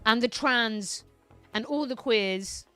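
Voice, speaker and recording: Woman streamer, high and smooth voice, profane heated ranting, faint music underneath. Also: slow, bright, forceful tone. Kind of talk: casual political commentary stream.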